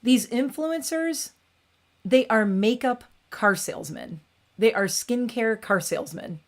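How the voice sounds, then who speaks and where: A woman's voice: on the high side, lively intonation, unhurried. A woman hosting a casual livestream, rambling and opinionated, with frequent "like" and restarts. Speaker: beauty channel host.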